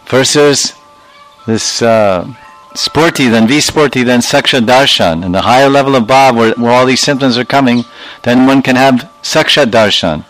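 A man delivers a sermon as a lively story, acting out the characters. He laughs often. His voice sits at a middle pitch, with faint music and chimes in the background. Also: normal speed, low-quality recording. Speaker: spiritual teacher.

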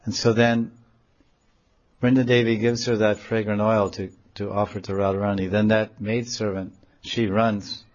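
A man telling a devotional story in a sermon, animated and acting out the quotes in it, in a dull, lo-fi recording. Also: lowish voice, normal speed. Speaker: religious storyteller.

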